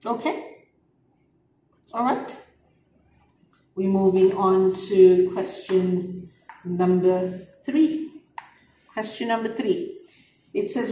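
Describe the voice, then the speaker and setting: A woman teaching an English lesson, slowly explaining a test dialogue and acting out its lines. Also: medium pitch, dark tone, a little hiss or hum. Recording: echoey room, from a distance.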